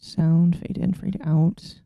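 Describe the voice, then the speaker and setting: Flustered streamer woman, mellow and dry. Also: sits low, flat delivery, takes it slowly, creaky, no echo, highs cut off. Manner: flustered, exasperated, talks to herself while fiddling with settings. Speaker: VTuber streamer. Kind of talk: casual live-stream chat.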